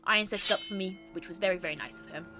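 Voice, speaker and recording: A woman's voice: mid-range voice, racing. A young woman chatting with her stream chat while playing a game, reading messages aloud and laughing often. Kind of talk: casual gaming stream chat. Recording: streamed with loud game music.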